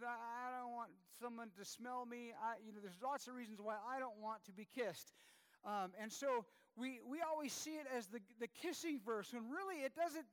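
Pastor, high-pitched, chatty self-deprecating sermon to his congregation. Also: a bit bright, clean tone. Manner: conversational, self-deprecating, with many fillers and restarts. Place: church.

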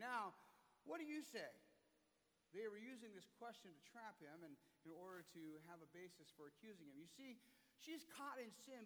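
A man's voice: high voice, a bit bright. Male pastor, conversational sermon, restarts a lot, long hall echo. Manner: conversational, storytelling, frequent restarts.

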